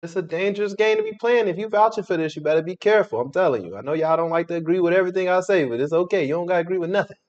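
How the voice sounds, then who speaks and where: A man's voice: sits high, a little mellow, dull audio. A man hosting a reaction show, giving opinionated, preachy commentary in casual talk. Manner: opinionated, preachy, quick-talking. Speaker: reaction host.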